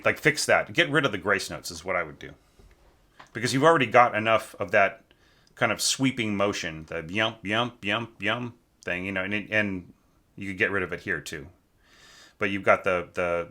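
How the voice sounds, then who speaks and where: A man with a bright, fairly low voice reviews a student's orchestral score as a teacher, giving a spoken critique. He thinks out loud, often checks in with "right?", and sings passages in rapid nonsense syllables.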